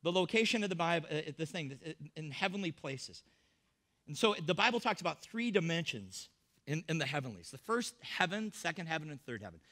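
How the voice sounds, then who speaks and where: Male pastor with a high, bright voice, preaching conversationally with jokes. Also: sing-song. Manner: humorous, conversational preaching, acts out Bible characters in quick voices. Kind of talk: sermon. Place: church.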